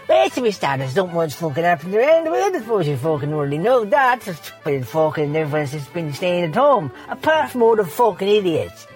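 A man doing a high swearing grump ranting. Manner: profane, ranting, mocking. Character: foul-mouthed grumpy man giving a news roundup. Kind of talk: comedic character rant.

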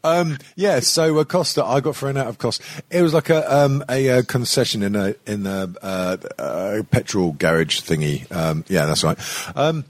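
A man's voice: medium pitch, animated, moderate pace, few pauses, dry recording. A man co-hosting a podcast, telling a rambling, sweary anecdote full of fillers. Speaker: podcast co-host. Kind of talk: crude casual banter.

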